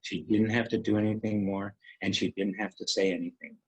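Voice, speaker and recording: A man hosting a web series, telling a personal story in an emotional, halting way with many pauses. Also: on the low side, little pitch movement, breathy edge, poor audio.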